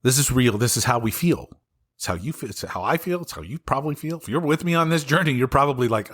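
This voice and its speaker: Talking fast and animated in a mid-range, faintly bright voice, this Southern man hosts a solo podcast segment. Politics is his target, and he rants at it angrily, profanely and with clear exasperation.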